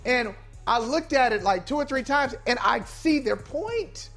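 High-voiced man calmly arguing sports. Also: unhurried, faint music behind. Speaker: sports talk show co-host. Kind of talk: sports debate.

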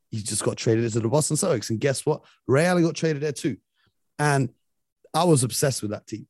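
A young man in his late twenties co-hosting a casual sports podcast, eager and animated. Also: mid-range voice, a little fast, breathy edge, no echo, studio quality. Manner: enthusiastic, animated, leads the conversation. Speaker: podcast co-host.

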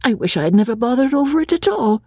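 A woman's voice: a little high, very animated, quick pace, mellow, no room sound, clean studio sound, pitched above the performer's own voice. A woman voicing a spirited young woman who protests and exclaims, in a dramatic reading of a classic novel. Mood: protesting.

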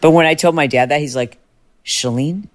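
Chatty storytelling woman host. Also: fast. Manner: chatty storytelling, animated pitch jumps when excited. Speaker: podcast host. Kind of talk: casual chat.

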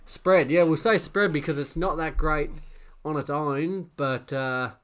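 Relaxed podcast co-host, higher voice. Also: male voice, a little slow, clear, resonant tone. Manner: relaxed, filler-heavy. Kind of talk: casual sports podcast chat.

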